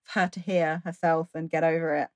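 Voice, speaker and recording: Woman co-host, lower pitch, dry close recording; enthusiastic casual chat. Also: flat delivery, a little fast, a little mellow, no room sound. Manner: enthusiastic, many filler likes.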